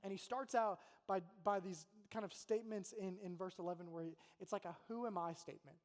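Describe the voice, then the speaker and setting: A man's voice: high-pitched, a little fast, a little mellow. Preaching man in a reverberant hall. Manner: conversational preaching, quoting God and Moses with rising intensity. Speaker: college pastor. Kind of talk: sermon. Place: church auditorium.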